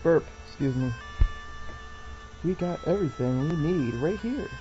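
A woman's voice: deep voice, lively intonation, warm tone. A young woman reading out a friendly forest pony. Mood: chatty. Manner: reading game dialogue aloud, unhurried. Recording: dull lo-fi recording with faint music.

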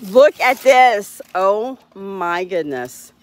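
A woman's voice: medium pitch, expressive, very slow. A woman hosting a casual livestream, talking cheerfully to her dogs and laughing often. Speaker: dog owner hosting a livestream.

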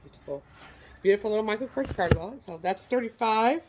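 Against a noisy background, a woman with a medium-pitched, animated voice talks briskly about handbags. She's a middle-aged American online reseller doing a casual show-and-tell, folksy and quick to put herself down.

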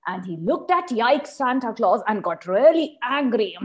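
Expressive woman teacher telling kids a story. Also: on the high side, unhurried. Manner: expressive, sing-song, asking children questions. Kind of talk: animated storytelling for young children.

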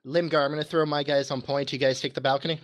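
A man leading a squad on game voice chat, answering orders with quick terse acknowledgments. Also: fairly high pitch, level tone, dry recording. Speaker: squad leader.

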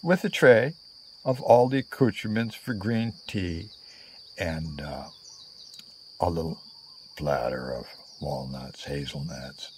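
A male storyteller spinning a long travel yarn at an unhurried pace. His pitch swings lively up and down as he rambles through fillers and side remarks. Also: breathy edge. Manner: meandering, full of fillers and asides. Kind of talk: casual spoken storytelling.

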